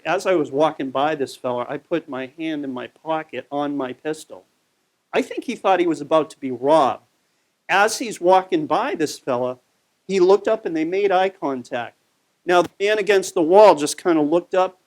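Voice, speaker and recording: Guy walking through old photos at a library talk, kinda high-ish voice, easygoing storyteller. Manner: conversational storytelling with frequent fillers. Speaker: local history presenter. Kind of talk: slide-show history talk.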